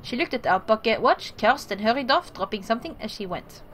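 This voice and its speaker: A woman's voice: fairly high pitch, lively intonation, a little fast, fairly bright tone, a little hiss or hum, low-quality recording. A woman reading a text game aloud with casual, self-deprecating asides.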